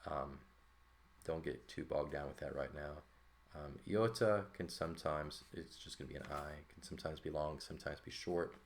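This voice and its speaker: Very low male voice, relaxed teacher, thinking aloud. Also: moderate pace, slight background noise. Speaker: Greek teacher. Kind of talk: casual lesson walkthrough.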